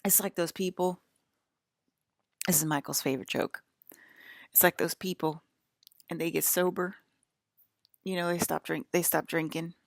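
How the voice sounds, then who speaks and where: A woman's voice: lowish voice, steady tone, moderate pace, creaky, pauses often, no echo, clean studio sound. A woman in a loose, rambling monologue. She laughs often and mocks the voices of people she quotes. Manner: loose, rambling, full of restarts.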